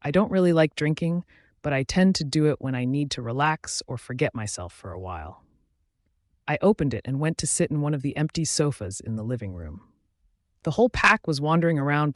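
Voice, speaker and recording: A man's voice: a little high, lively intonation, brisk, dry recording, studio quality. A man narrating a first-person werewolf romance story in a dramatic storytelling reading.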